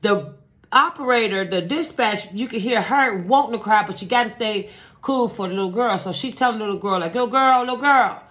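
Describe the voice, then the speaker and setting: Animated profane woman storyteller. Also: medium pitch, a little fast. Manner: animated, profane, with sound effects. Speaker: vlogger. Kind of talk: casual true-crime storytelling.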